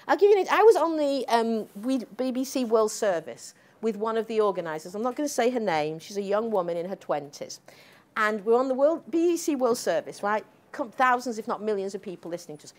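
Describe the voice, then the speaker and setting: A middle-aged woman delivers a public lecture in a slightly high, animated, brisk voice. She's emphatic and combative, often ending her points with "okay?" as questions to the audience.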